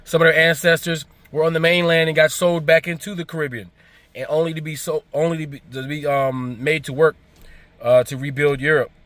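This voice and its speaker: An American man with an African American accent hosts his own channel, offering his opinion to camera in a loose, emphatic, conversational way with frequent restarts. His voice is fairly high, brisk, flat in delivery and a bit bright, with no echo.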